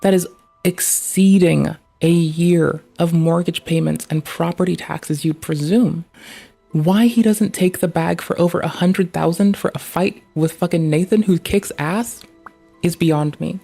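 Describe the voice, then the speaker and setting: A man's voice: a little high, unhurried, creaky, mellow, faint music behind. A man streaming live, reacting to a clip with profane, ranting commentary.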